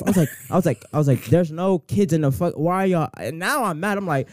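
A man telling a story in casual chat, animated and laughing, acting out the other people's voices. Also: fairly high pitch, brisk, dry recording, studio quality.

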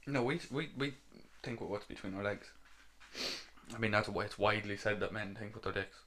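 Bright-voiced Irish man, crude banter. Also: lowish voice, fairly quick. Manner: crude, jokey, laughs often. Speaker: podcast co-host. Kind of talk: casual banter.

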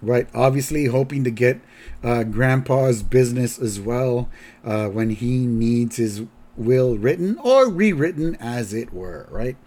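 A man hosts a casual podcast, walking through a cartoon episode with a steady, mid-range voice. He rambles and restarts his sentences as he goes. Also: mid-range voice. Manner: rambling, halting, with fillers and restarts. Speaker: podcast host.

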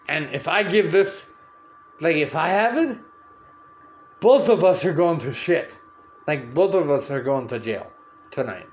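A man hosting a podcast, telling a story in a loud, profane, animated rant and acting out what people said. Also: on the high side, measured pace, slight background noise. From Canada. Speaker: podcast host.

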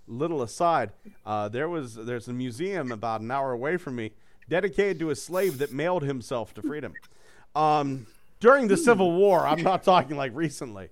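A man's voice: on the high side, lively intonation, normal speed. A man reading a choose-your-own-adventure book aloud to friends, with loose, joking and profane asides. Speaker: reader running a gamebook for friends.

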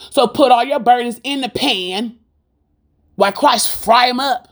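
With a fairly high voice and a measured pace, a woman gives a casual Christian sermon. Her delivery is preachy and fervent, full of rhythmic repetition and rhetorical questions put straight to those listening.

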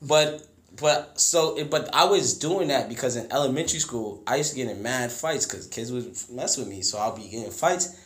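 A young man telling a story in casual, slangy chat. He acts out the people in his story by jumping into a much higher, louder voice. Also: moderate pace, echoey room. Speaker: podcast guest telling a story.

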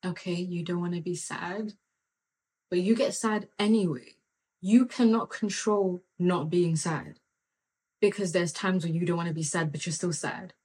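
A woman with a somewhat low voice delivers a spirited motivational monologue as a podcast host. She talks in an emphatic, preachy way, driving points home by repeating phrases. Now and then she bursts into excited exclamations. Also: measured pace.

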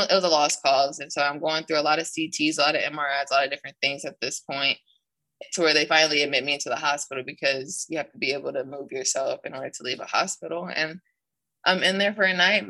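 Young woman athlete guest, bright voice, rambling chatty retelling. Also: low-pitched, low-quality recording. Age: young adult. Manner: rambling, full of "like" and restarts, acts out quoted dialogue. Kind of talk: casual interview storytelling.

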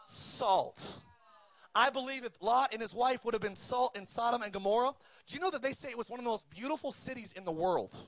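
A man preaching a sermon, calling for amens and punching his points with shouted peaks. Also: extremely high pitch, fast talker, few pauses, no room sound. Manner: emphatic preaching with amen calls and shouted peaks. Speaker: pastor.

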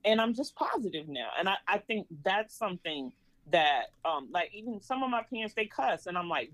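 Lively Georgia-accented woman. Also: mid-range voice, normal speed, no room sound, low-quality recording. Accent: Southern US, Georgia. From Georgia, USA. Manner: lively, laughs often, emphatic. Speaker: parenting coach. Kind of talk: casual interview.

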